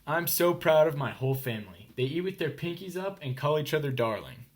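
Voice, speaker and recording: A man's voice: fairly high pitch, expressive. Man reading a picture book aloud. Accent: American. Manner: reads slowly with explanations and questions to listeners.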